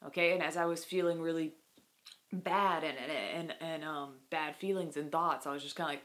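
Low-voiced woman talking candidly. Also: fairly even intonation, a bit bright. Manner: halting, many fillers and restarts. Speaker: vlogger. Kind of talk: candid personal talk to camera.

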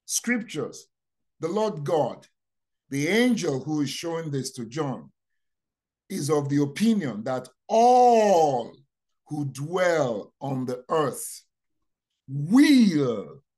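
A man preaching a sermon, repeating key phrases and asking rhetorical questions, dropping to quiet asides then rising to loud proclamations. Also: sing-song, drawn-out words. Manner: dramatic, swings from low asides to loud proclamations.

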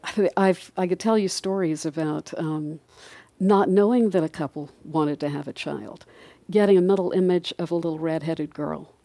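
A woman's voice: fairly low pitch, moderate pace, dark tone, no room sound. A middle-aged woman, a guest on a podcast interview, speaking in an earnest, reflective way and laughing lightly now and then. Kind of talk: conversational interview.

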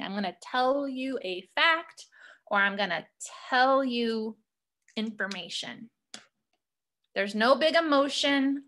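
A woman teacher walking young students through a punctuation lesson, reading sentences aloud slowly and asking prompting questions. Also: on the high side, bright, forceful tone.

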